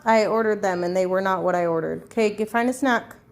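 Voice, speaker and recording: A woman's voice: medium pitch, a little fast. A woman in her thirties hosting a podcast, talking frankly and rambling in casual chat, with frequent swearing. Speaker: podcast host.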